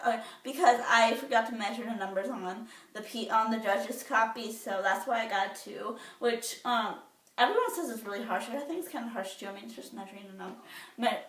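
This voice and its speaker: A teenage girl chatting casually to the camera, bubbly and rambling with lots of fillers and restarts. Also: on the high side. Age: teens. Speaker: vlogger. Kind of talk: casual chat. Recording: echoey room, somewhat far from the mic.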